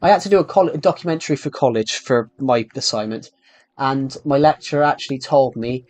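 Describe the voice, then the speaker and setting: A young man from the UK with a thick, strongly rhotic regional British accent, chatting casually on a gaming live stream and talking slowly on purpose, with many restarts. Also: medium pitch, a little mellow. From United Kingdom. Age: young adult. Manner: deliberately slow, many restarts. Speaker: game streamer.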